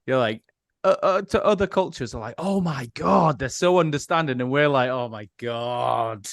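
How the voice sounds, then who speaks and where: A man's voice: medium pitch, moderate pace, gravelly, no room sound, clean studio sound. A man hosting a podcast in casual chat, laughing often and chipping in with short questions.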